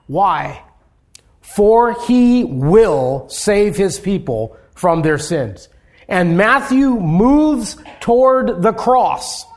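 A man preaching an expository sermon, measured, with emphatic rises and soft drops. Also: high voice. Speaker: pastor.

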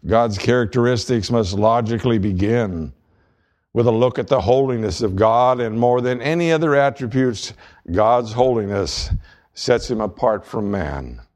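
A man preaching a sermon as pastor, reading scripture aloud in a measured way and slowing down on key words. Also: mid-range voice, darkish tone. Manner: reads scripture and quotes aloud.

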